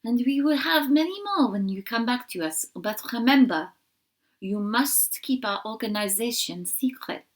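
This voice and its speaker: Woman doing a female rabbit agent, soft French accent, murmuring, storybook reading. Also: on the high side, lively intonation, measured pace. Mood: grave. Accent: French (put on). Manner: soft, murmuring, warm toward the bunny. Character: gentle grown female rabbit agent, fond.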